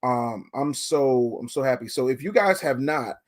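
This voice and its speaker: A man hosting a podcast, chatting casually and telling stories in an animated, profane way. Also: medium pitch, moderate pace. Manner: animated, profane storytelling with acted quotes. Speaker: podcast host.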